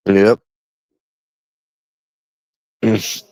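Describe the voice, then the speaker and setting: A man's voice: lowish voice, normal speed, a little mellow, dry recording. A man with a London accent in rambling, casual livestream chat, crude and full of swearing.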